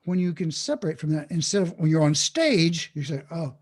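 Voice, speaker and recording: A man, a podcast guest, explaining mindfulness in an animated way and acting out inner thoughts. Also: on the high side, brisk, breathy edge. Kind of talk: podcast interview talk.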